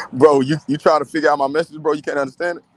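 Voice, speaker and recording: A man co-hosting a casual sports debate, defending his argument and explaining at length. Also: a little high.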